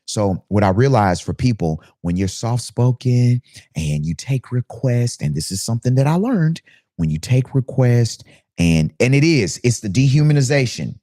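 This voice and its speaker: A man's voice: mid-range voice, big pitch swings, moderate pace, mellow, dry recording, studio quality. A man who works as a DJ, talking casually to camera in a ranting monologue full of rhetorical questions.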